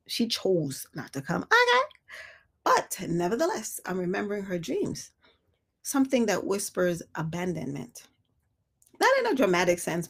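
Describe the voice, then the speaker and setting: A woman hosting a live reflective talk, speaking softly and thoughtfully, with small laughs between her thoughts. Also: fairly low pitch, gravelly, slightly rough. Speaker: host.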